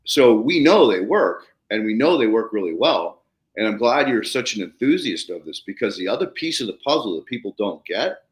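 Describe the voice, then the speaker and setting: A middle-aged man with a low voice that swings widely up and down as he tells his stories. He chats casually as a podcast host and acts out each person he quotes. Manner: animated anecdote-telling, acts out the people he quotes. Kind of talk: casual storytelling chat.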